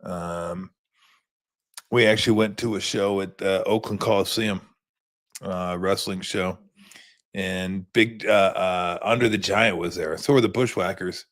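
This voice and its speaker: Laid-back low-voiced male sports host. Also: steady tone, unhurried, a bit bright. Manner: laid-back, rambling storyteller. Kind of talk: casual postgame chat.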